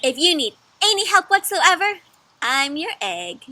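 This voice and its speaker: A woman's voice: very high voice, sing-song, no room sound, voice pushed up, full character voice. A woman voicing a cheerful, helpful male egg who is proud of being good, in a children's storybook read-aloud, eager and emphatic. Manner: bright, eager, slow emphatic delivery.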